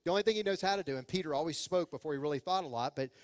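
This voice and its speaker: A middle-aged man preaching a sermon as pastor, animated and acting out the voices he quotes. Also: fairly high pitch, rapid-fire, no echo, long reverb tail. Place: church sanctuary.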